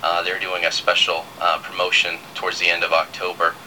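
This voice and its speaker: A man's voice: low voice, completely flat delivery, fairly quick, pushed and bright, a little hiss or hum, poor audio. A man from Georgia with a Southern accent, an earnest missionary guest answering plainly in an interview. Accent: Southern American.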